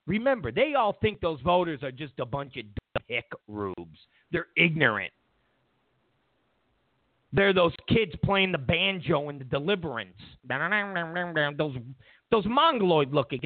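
A man's voice: fairly high pitch, sing-song, measured pace, no room sound. A man hosting a talk show, delivering a heated, mocking political monologue full of repeated phrases. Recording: tinny phone-like sound.

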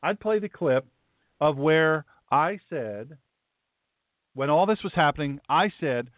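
A man's voice: on the high side, expressive, slow pace, pauses often, no echo. A male host delivering a blunt, emphatic, sarcastic talk-show monologue. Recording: tinny phone-like, dry.

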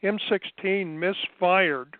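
A man as an interview guest, recounting his past in an unhurried, measured way with frequent fillers, heard over a phone line. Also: high voice, no room sound. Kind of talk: remote interview, recounting experiences.

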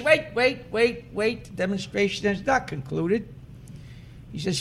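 High gravelly bright-voiced man comedian. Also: very animated, moderate pace. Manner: raunchy punchline delivery, laughs at own jokes. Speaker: comedian guest. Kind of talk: joke telling on a podcast.

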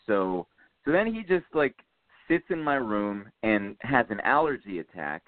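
A man's voice: on the low side, big pitch swings, measured pace, no room sound. A man in casual podcast chat, telling a story in a rambling way with many fillers. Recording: tinny phone-like dry sound.

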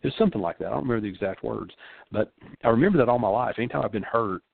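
A man's voice: fairly low pitch, rapid-fire, creaky, husky, dry recording. An older man, a pastor, giving an earnest sermon-style radio talk and repeating phrases for emphasis. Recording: phone-like dry line.

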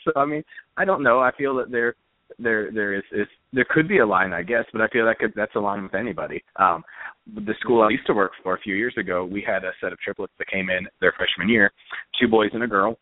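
A man's voice: lowish voice, fairly quick, dry recording. A man co-hosting a casual podcast, chiming in with short agreements and then giving his own view. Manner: supportive listener, frequent short agreements. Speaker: podcast co-host. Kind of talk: casual chat. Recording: dry, tinny phone-line sound.

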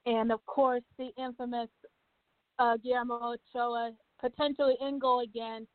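A woman guest on a soccer radio show, giving measured, detailed analysis. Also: a little high, level tone, no echo. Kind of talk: sports talk radio discussion. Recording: tinny phone-line sound.

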